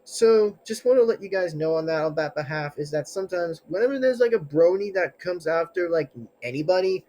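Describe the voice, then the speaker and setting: Man, high voice, agitated defensive vlog rant, tangled rambling delivery. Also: animated, a little fast, dark tone, rough recording. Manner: rambling, restarts, many fillers and tangled phrasing. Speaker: channel owner. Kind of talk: casual vlog rant to camera.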